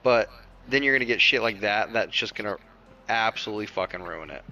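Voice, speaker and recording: Bright-voiced laid-back co-host, a man. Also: lowish voice, animated, brisk, dull audio. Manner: laid-back, asks questions, swears casually. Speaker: podcast co-host. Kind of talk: casual opinion chat.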